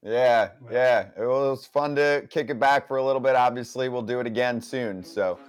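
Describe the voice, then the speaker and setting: An upbeat, easygoing man hosts a sports podcast and signs off the episode. His voice sits at an ordinary mid pitch. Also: normal speed, clear, resonant tone, soft background music. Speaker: podcast host. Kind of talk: casual chat and show sign-off.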